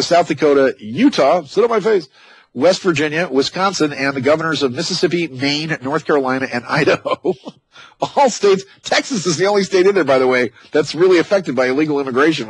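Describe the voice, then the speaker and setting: A talk radio host with a fairly high-pitched, breathy voice reads out news items, cutting in with sarcastic, mocking asides as opinionated commentary. The audio is poor, though there's no echo.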